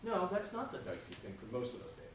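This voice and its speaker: This man's voice is high-pitched, very animated and fast as he teaches a conversational Sunday school Bible lesson, regularly asking "okay?" and "right?". He's off-mic and far away in an echoey church classroom, with background noise.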